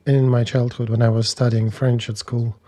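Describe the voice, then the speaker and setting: A man discussing war news in a measured, analytical way, speaking bluntly. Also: mid-range voice, flat delivery, mellow.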